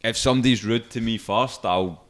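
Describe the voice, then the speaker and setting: A man's voice: medium pitch, moderate pace. A Scottish man co-hosting a podcast, chatting casually and acting out the voices in his anecdotes. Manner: storytelling, acts out voices with laughter. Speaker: podcast co-host. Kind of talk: casual chat.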